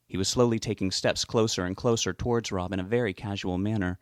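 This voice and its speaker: Low-voiced man narrating a novel. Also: steady tone, fast, smooth, no echo, clean studio sound. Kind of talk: audiobook narration.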